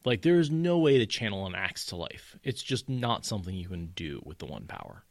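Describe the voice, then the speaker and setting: Animated low-voiced man discussing a book. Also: brisk, gravelly, no room sound. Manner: animated, quotes characters in mocking voices. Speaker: podcast co-host.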